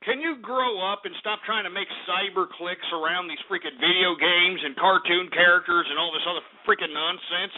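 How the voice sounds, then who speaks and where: High-voiced guy hosting a call-in show, swears and stumbles over his words, tinny lo-fi sound. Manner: ranting, profane, stammering restarts. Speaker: radio talk show host. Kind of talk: angry call-in show rant. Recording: lo-fi phone-like audio.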